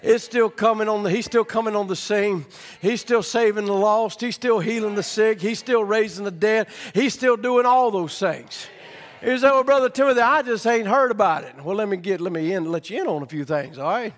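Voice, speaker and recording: A man preaching a sermon, rising from quiet storytelling to fervent shouting. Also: high voice, moderate pace, long reverb tail.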